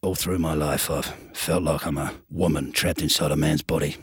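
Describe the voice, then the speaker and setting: A man's voice: a bass voice, fairly even intonation, moderate pace, breathy edge, dry recording, clean studio sound. A man rambling chattily in a comedy impression sketch.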